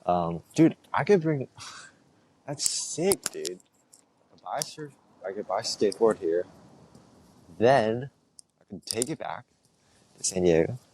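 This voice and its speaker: A man's voice: lowish voice, animated, takes it slowly, pauses often, a little mellow, a little hiss or hum. A young man hosting his own podcast, talking in a casual, rambling monologue that is laid-back and slangy, full of filler words. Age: young adult. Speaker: podcast host.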